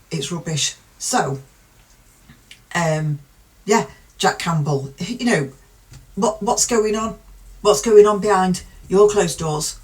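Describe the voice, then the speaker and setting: A British woman from the UK, middle-aged, talks over a case in a low, earthy voice. She is blunt and opinionated, wanders off with fillers and pauses, then swings back to her point. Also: a little mellow, low-quality recording. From United Kingdom. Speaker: true crime commentator. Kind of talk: casual spoken commentary.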